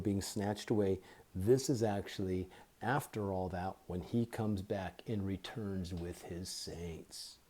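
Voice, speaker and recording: A man with a very low, mellow voice gives an informal Bible teaching, recorded on a phone. He talks slowly and deliberately, repeating key words to drive them home.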